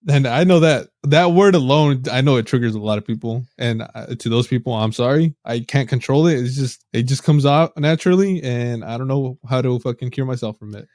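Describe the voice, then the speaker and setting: A man co-hosting a podcast in relaxed casual chat, tossing in slang like "bro". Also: medium pitch, brisk, hardly any pauses, dry recording, clean studio sound. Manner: relaxed, chatty, says "bro". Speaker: podcast co-host.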